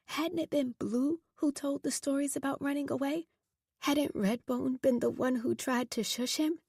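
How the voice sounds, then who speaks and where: A woman narrating a horror audiobook in a measured, steady storytelling voice. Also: high voice, vocal fry, dry recording, clean studio sound.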